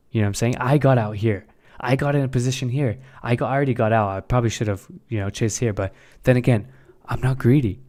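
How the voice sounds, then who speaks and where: A young man with a mellow, mid-range voice talks casually on a live stream about his crypto trades. He's blunt, swears often and repeats himself.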